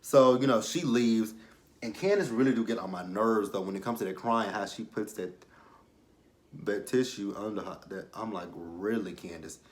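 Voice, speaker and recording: A young man in casual chat, recapping a reality show in a candid, rambling way that often trails off into quiet asides. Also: on the low side, moderate pace.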